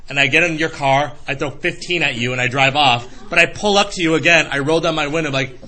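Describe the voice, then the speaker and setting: A man lectures a history class with a bright, forceful voice that sits a bit high for a man. He is animated and playful, jumping into quick character voices for his analogies and now and then calling out to the class. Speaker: history teacher.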